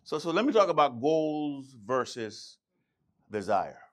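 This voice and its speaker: A man's voice: a little high, very animated, a little slow. A man preaching a sermon, emphatic and repeating key phrases, with stammering restarts. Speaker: pastor.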